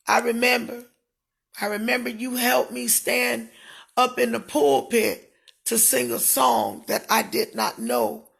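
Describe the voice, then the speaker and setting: A middle-aged woman in a fiery live-stream rant with a preacher's cadence, swinging between shouting and dropping her voice low. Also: creaky. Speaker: prophetess.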